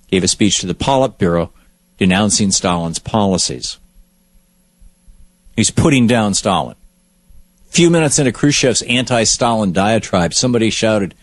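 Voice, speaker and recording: A man's voice: lowish voice, no echo. A man hosting a talk show who delivers political commentary in an emphatic, storytelling way. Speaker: radio talk show host.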